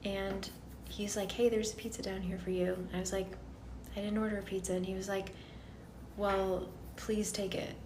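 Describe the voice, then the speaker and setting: A woman's voice: mid-range voice, flat delivery, normal speed, background noise. A woman telling a creepy personal story to her viewers in a chatty, candid way, acting out what people said. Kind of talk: casual storytime to camera. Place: hotel room at night.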